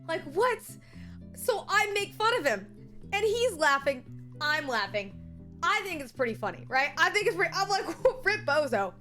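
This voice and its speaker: Young female streamer, high-pitched, lively incredulous chatter with viewers, soft music underneath. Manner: animated storytelling, incredulous rants. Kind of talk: casual chat with viewers.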